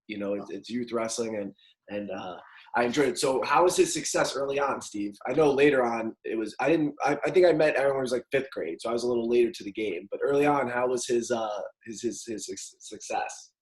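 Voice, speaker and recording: A man's voice: medium pitch, brisk, low-quality recording. Man in his thirties hosting a chatty podcast. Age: 30s. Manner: loose, rambling questions full of fillers. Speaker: podcast host. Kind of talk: casual podcast interview.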